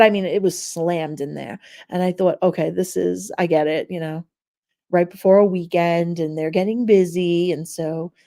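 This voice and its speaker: A woman's voice: fairly low pitch, dark tone. A middle-aged woman chatting casually with her live chat viewers, telling everyday stories, laughing often and acting out voices. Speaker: live stream host.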